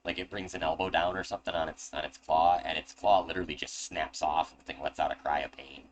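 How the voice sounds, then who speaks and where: A man's voice: very deep voice, fairly even intonation, quick pace. A man narrating and running a tabletop game as game master, casual and joking, with swearing asides. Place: home. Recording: noisy home recording.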